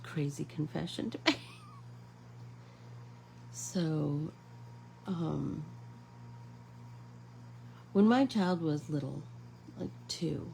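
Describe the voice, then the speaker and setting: A woman's voice: deep voice, vocal fry, darkish tone, a little hiss or hum, low-quality recording. A middle-aged woman hosting a casual live painting class, chatting to viewers like friends and rambling through stories. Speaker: art class host.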